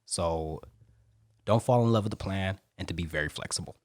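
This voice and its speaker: A man, a Marine, telling stories as a guest on a podcast interview in an animated way. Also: deep voice, dry recording, clean studio sound. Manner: animated, rapid storytelling.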